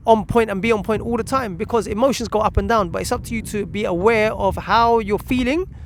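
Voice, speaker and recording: A man's voice: high voice, a little hiss or hum. A man hosting a parenting channel, giving earnest advice straight to the listener, with some restarts and fillers. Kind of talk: advice talk to camera.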